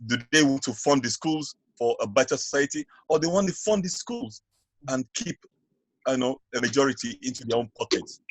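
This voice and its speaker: Nigerian teacher guy on a podcast, halting, keeps restarting words, dry close sound. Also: medium pitch, expressive, no echo, low-quality recording. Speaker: educator guest. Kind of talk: casual discussion.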